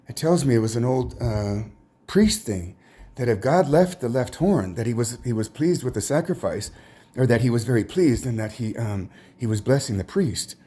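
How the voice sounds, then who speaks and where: A man telling a personal religious testimony in a rambling, halting way, full of restarts and trailing asides. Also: medium pitch, animated, mellow, slightly rough. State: tired, emotionally drained. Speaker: religious teacher.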